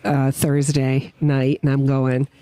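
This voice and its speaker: Her voice rumbling low, clear and resonant, a woman tells a personal story slowly as a guest witness on a podcast set at a winery. She's emotional and animated, acting out other people's words, with no echo in the recording.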